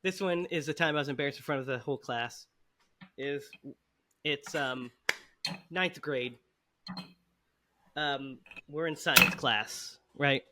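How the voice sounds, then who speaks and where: A man's voice: mid-range voice, slow pace, long pauses, bright, forceful tone. A man hosting a podcast, telling a story in casual chat with frequent laughs. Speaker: podcast host.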